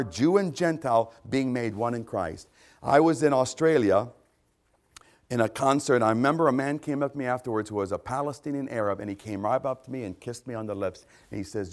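A middle-aged man preaching a sermon, repeating key phrases and swinging between loud declarations and hushed asides. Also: mid-range voice.

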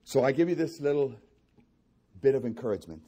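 A male pastor preaching a sermon with impassioned, repetitive emphasis, swinging between loud climaxes and hushed prayer. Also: mid-range voice, expressive, a little fast, slightly rough.

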